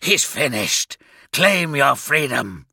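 A bitter, brooding warrior with a low, snarling voice, voiced by a male audiobook narrator. He sounds forceful and tense, muttering darkly in a dry, close-miked read. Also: very animated, extremely slow, husky, no echo, heavily acted.

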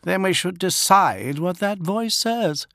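A man reading a level-headed warrior officer who calmly argues back, a touch higher than the narrator's own voice. Gravelly and husky, with a dry, close sound. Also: slow, no room sound, heavily acted. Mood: reasoning. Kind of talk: audiobook character voice.

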